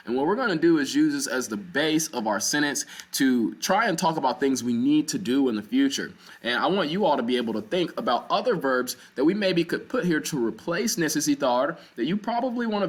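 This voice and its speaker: Man explaining a Spanish lesson. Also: mid-range voice. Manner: explains patiently, with fillers and quick self-corrections. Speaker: Spanish teacher. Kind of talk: recorded classroom lesson.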